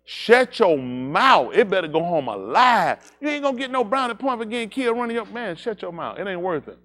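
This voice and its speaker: A man's voice: high-pitched, sing-song, fast, fairly bright tone. A man telling an anecdote to a congregation and drawing a moral from it. He keeps repeating "I said", laughs through the telling, and turns to blunt warnings for young listeners. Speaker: speaker at a livestreamed congregation.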